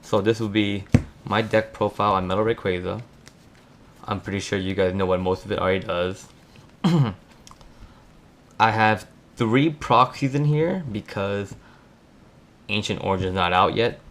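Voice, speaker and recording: A man's voice: lowish voice, a bit bright. A man from Florida with a lisp, talking casually and hesitantly with lots of ums as he walks through a card game deck. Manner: talks fast, hesitant with ums. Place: home room at night.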